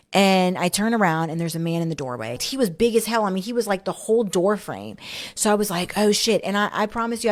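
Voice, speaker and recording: A woman telling her own story in casual chat, candid and matter-of-fact, poking fun at herself. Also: medium pitch.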